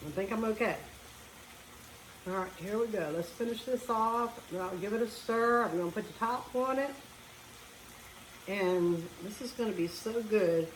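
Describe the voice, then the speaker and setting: A woman's voice: medium pitch, unhurried, pauses often, a little hiss or hum. A woman talking casually as she cooks at home, chatting her way through each step. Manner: chatty, talks while cooking. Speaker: home cook. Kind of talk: casual cooking demonstration. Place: home kitchen. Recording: echoey kitchen with frying sizzle.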